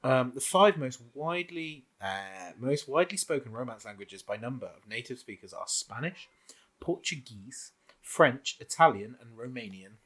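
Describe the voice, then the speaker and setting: A young man from the Southwest of England co-hosting a casual let's-play, playful and quick to laugh. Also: mid-range voice, animated, a bit bright, low-quality recording. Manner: playful, sings and laughs along. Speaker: gaming co-host.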